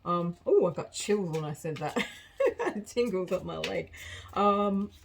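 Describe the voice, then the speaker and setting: A woman's voice: lowish voice, animated, slow pace, gravelly, a little hiss or hum, poor audio. A woman giving a casual collective tarot reading, chatty and rambling, often laughing at herself. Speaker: tarot card reader.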